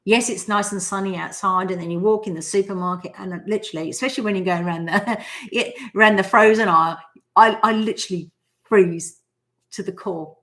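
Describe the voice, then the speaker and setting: A woman's voice: mid-range voice, a little fast, a bit bright. An Australian woman in her forties hosting a live stream, talking casually and telling stories with acted-out quotes. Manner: chatty storyteller who acts out quotes.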